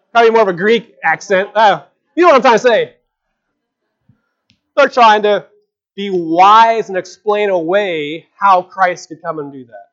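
High-voiced man preaching earnestly. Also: a bit bright, muffled recording. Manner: earnest, conversational preaching with rhetorical questions. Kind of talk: sermon.

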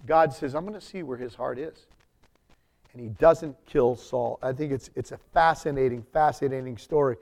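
A man preaching a sermon as pastor, reading scripture aloud and then explaining it in plain talk, with sudden emphatic rises and soft drops. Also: medium pitch, moderate pace, gravelly.

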